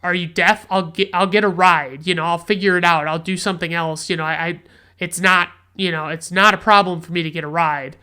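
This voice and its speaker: A man quoting an exasperated teenage girl in his own voice, quickly and with swearing. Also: high voice, fairly even intonation, bright, forceful tone, clean tone. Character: annoyed teenage girl brushing off her uncle.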